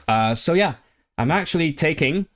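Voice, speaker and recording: A man's voice: fairly high pitch, animated, normal speed, a bit bright. A man in his thirties from Hong Kong, chatting casually on a livestream, reading viewers' messages aloud and rambling with many restarts. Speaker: livestream host.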